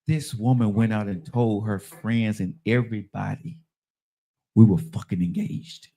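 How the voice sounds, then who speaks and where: A man in his thirties telling a profane story in a lively, dramatic way, checking in with "right?" again and again. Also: fairly low pitch, a little slow. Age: 30s. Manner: animated, dramatic, repeats "right?". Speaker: storyteller on a live-streamed talk show.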